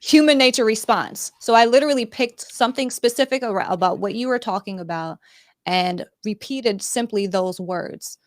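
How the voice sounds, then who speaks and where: A woman's voice: medium pitch, dry recording, studio quality. A woman hosting the interview, talking with frequent hesitations while asking questions and framing topics. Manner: hesitant, many fillers and restarts. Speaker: host, workplace and construction industry. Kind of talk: conversational interview.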